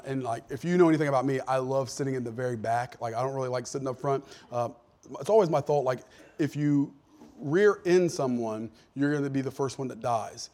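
A middle-aged man preaching a sermon, telling a story, then building to loud, emphatic points. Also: medium pitch. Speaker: pastor.

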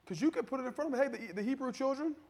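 A man preaching a sermon in a conversational style, acting out the people in his stories and building to loud, fervent peaks. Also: very high-pitched, animated, rapid-fire. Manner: conversational preaching, acts out quoted voices, builds to shouting. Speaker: pastor.

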